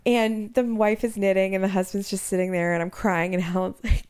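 Animated woman telling a story. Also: medium pitch, fairly quick. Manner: animated storytelling, quotes others. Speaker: podcast co-host. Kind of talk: casual chat.

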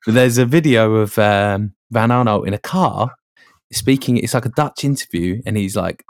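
A man's voice: fairly low pitch, moderate pace, dry recording, studio quality. A man in a casual football chat, swearing and laughing often. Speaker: podcast co-host.

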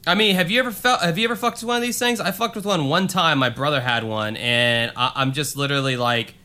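Bright, crisp-voiced young man, blunt. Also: fairly high pitch, fast talker. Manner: blunt, sarcastic, swearing. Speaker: podcast co-host. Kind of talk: casual podcast chat.

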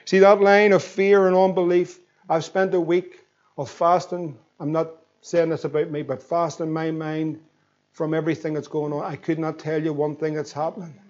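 Preaching a sermon, a high-voiced pastor in his thirties from Northern Ireland speaks at normal speed with a flat, slightly mellow delivery, yet with fervent energy and emphatic questions aimed at his listeners. The sound is somewhat muffled and dull.

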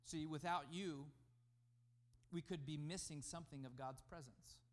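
High-voiced male pastor preaching. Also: fairly even intonation, unhurried. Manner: emphatic preaching, rising and falling in loudness. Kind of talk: sermon.

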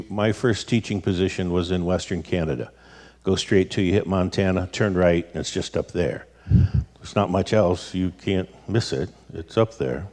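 A middle-aged man speaking on relationships in a relaxed conversational talk, telling family stories and acting out the people he quotes. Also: deep voice. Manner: storytelling, animated quoted voices.

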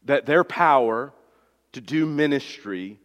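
A man's voice: mid-range voice, expressive, takes it slowly, a bit bright, big-room sound. A male pastor preaching an emphatic sermon, asking rhetorical questions and often repeating his words as he restarts.

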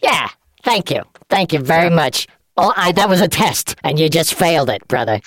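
A woman's voice: low voice, animated, normal speed, no room sound, clean studio sound. A woman doing improv comedy with an exasperated, ranting manner.

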